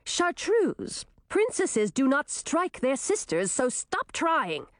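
A woman's voice: high voice, very animated, no echo, clean studio sound, pitched above the performer's own voice, full character voice. A woman voicing a composed queen who firmly scolds her two daughters. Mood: stern. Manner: firm, measured.

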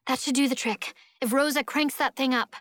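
A woman voicing an eager teenage girl student who shouts her ideas, in an audiobook. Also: sits high, fairly even intonation, moderate pace, no room sound, studio quality. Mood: excited.

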